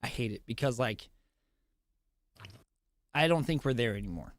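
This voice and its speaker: A man's voice: medium pitch, animated, moderate pace, no room sound, clean studio sound. A man co-hosting a casual podcast who asks questions, jokes around and puts on voices now and then. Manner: joking and laughing, slips into put-on voices. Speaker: podcast co-host.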